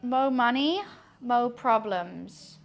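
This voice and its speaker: A woman's voice: on the high side, lively intonation, very slow, music in the background. A woman, streaming casual chat while she cooks at home, rambling to her viewers and her kitten. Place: home kitchen.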